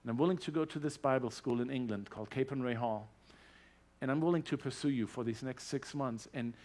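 A man with a German accent giving a personal testimony in a church service, earnest and growing animated as his story builds. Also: mid-range voice. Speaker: guest speaker sharing his testimony.

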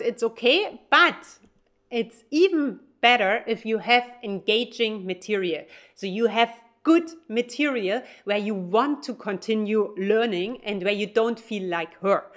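A woman's voice: fairly high pitch, a bit bright. Upbeat German woman teaching language. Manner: upbeat, encouraging, slows to spell out German phrases. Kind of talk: YouTube language lesson.

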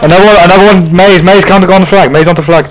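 A man's voice: high voice, steady tone, rapid-fire, rough recording. A man giving urgent, directive callouts to his team in competitive game voice chat. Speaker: team shot-caller.

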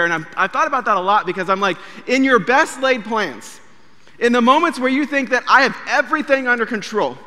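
A man in his thirties, a pastor, preaching a sermon and telling a story, acting out quoted dialogue with animated delivery. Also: sits high, big-room sound. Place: church sanctuary.

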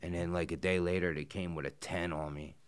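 A man with a very deep, low voice talks in a relaxed interview. He tells his stories bluntly, swearing freely and leaning on fillers and asides. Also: fairly quick, clear, resonant tone. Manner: blunt, profane storytelling with frequent fillers. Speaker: professional wrestler, guest. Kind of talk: casual interview talk. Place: studio interview set.

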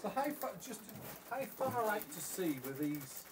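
A man's voice: high-pitched, big pitch swings, a little slow, husky. A man in an audience chipping in with questions and quips during a talk, heard from a distance. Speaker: audience member. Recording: distant voice over audience crowd noise.

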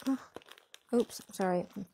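A woman's voice: a little slow, dark tone, a little hiss or hum. A woman hosting a casual livestream, chatting with viewers and reading their comments. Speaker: yarn shop owner hosting a packing livestream. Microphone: pinned lapel mic.

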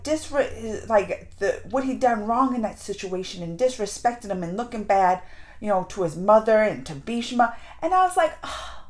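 A woman giving a casual, emotional reaction review of a TV series, rambling with many restarts and swinging between hushed and loud. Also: on the high side. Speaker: show reviewer.

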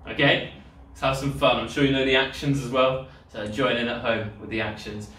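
A man's voice: mid-range voice, steady tone, a little fast. A man leading children's worship in a cheerful, encouraging way, explaining to the kids at home. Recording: echoey room, distant mic, loud guitar. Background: own guitar playing.

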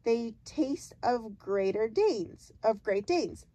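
A woman voicing a polite, cautious young girl in a storybook reading, slow and close-miked. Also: a little high, expressive, mellow, no room sound. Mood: questioning. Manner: polite, careful questions.

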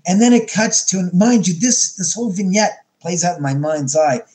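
Animated man telling a story, mellow voice. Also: sits high, normal speed. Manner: animated, acts out his own quotes with many restarts. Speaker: podcast guest. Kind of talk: storytelling interview.

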